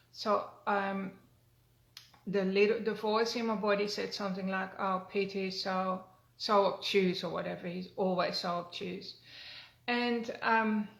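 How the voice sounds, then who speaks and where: An older woman giving a gentle, earnest self-help talk as a wellness coach, with frequent fillers and restarts. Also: mid-range voice, gravelly. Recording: roomy echo.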